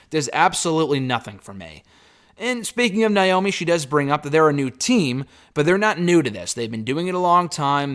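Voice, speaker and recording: A man's voice: mid-range voice, a bit bright. A man reviewing a wrestling talk show alone in a casual, blunt and opinionated way, rambling loosely with fillers and the odd curse. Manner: blunt, opinionated, a bit profane.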